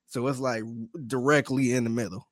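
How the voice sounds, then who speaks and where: A man's voice: mid-range voice, steady tone, moderate pace, dry recording, studio quality. A man co-hosting a podcast, telling casual stories with slang and frequent laughter. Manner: chatty storyteller, laughs often, casual slang. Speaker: podcast co-host.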